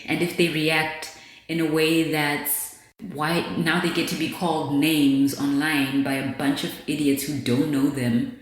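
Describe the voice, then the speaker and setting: A woman's voice: low voice, flat delivery, measured pace. A woman hosting a podcast, talking bluntly and candidly in a casual monologue, with plenty of swearing. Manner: candid, blunt, profane commentary. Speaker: podcast host. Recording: very echoey room.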